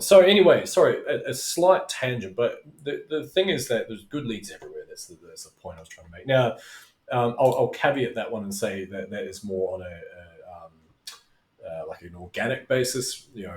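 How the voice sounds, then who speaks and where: A middle-aged man, teaching as a business coach in a casual, rambling way, with tangents and swearing. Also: on the low side. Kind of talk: casual talking-head video lesson. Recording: roomy echo.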